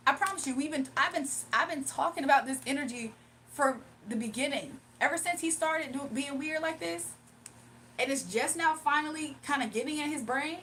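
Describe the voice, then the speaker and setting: High-pitched woman streamer, indignant casual rant, faint hum behind. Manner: animated, indignant, emphatic with laughs. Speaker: live streamer and spiritual reader. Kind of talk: casual ranting livestream.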